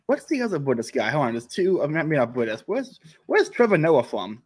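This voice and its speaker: An American man hosting a casual reaction chat, joking and emphatic, quick to mock himself. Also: on the high side, sing-song, breathy edge. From United States. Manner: joking, emphatic, self-mocking. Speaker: host.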